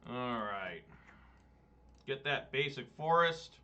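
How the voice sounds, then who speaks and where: A man's voice: mid-range voice, animated, takes it slowly, bright, forceful tone. A married man streaming a card game, rambling and self-deprecating in casual gameplay commentary. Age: adult, married. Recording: dull lo-fi mic.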